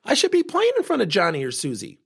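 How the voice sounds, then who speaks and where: A man's voice: sits high, wildly swooping pitch, fast, gravelly, fairly bright tone, husky, voice pushed up, full character voice. A man voicing a cocky young boy athlete who blames others, speaking boastfully. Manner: boastful, self-assured.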